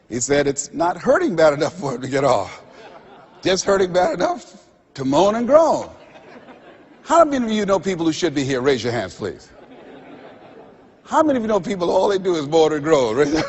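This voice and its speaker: An older man giving a motivational seminar speech to a live audience, preacher-like, with dramatic pauses and repeated phrases. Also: high-pitched, wildly swooping pitch, slightly rough, lo-fi sound. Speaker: motivational speaker. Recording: long hall reverb. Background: audience laughter.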